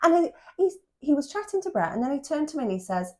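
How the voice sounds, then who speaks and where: A middle-aged English woman from England, chatting excitedly and fast as a podcast co-host. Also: sits high. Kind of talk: casual chat.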